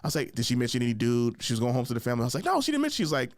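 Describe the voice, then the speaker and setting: A young man hosting a podcast, telling funny stories in a casual chat, jumping into high voices to act out other people and laughing along. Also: wildly swooping pitch, very fast, dry recording, studio quality. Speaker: podcast host. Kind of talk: casual storytelling monologue.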